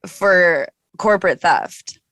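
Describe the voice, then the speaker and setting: Man, comedian guest, lively sing-song delivery, bright voice, dry close sound. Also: sits high, takes it slowly, no echo. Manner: animated storytelling, giggly. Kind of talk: casual podcast chat.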